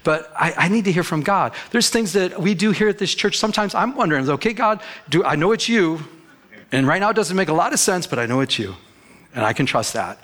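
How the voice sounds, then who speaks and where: A man's voice: high voice, lively intonation, brisk, fairly bright tone. A man preaching a sermon as pastor, emphatic, repeating phrases and acting out the people he quotes.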